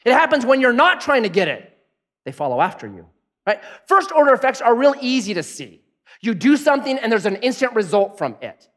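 A pastor delivering a sermon in a conversational, animated way, often asking the congregation questions. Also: male voice, very high-pitched, fairly quick.

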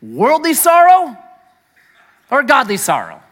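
A man's voice: very high-pitched, huge pitch swings, takes it slowly, a bit bright. A man preaching a sermon as pastor, telling a family story with acted-out voices and humor. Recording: echoey hall.

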